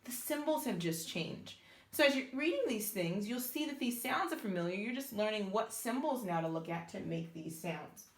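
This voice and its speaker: A woman's voice: mid-range voice, lively intonation, moderate pace, roomy sound. A woman teaching beginners to read Hebrew letters, sounding them out step by step and praising the learners. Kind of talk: slow, patient reading lesson.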